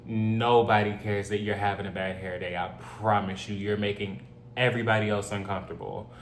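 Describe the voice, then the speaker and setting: A man's voice: fairly low pitch, little pitch movement, fairly quick. A man reading a story aloud and reacting to it in casual commentary, blunt and opinionated with joking asides. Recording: roomy echo, faint hum.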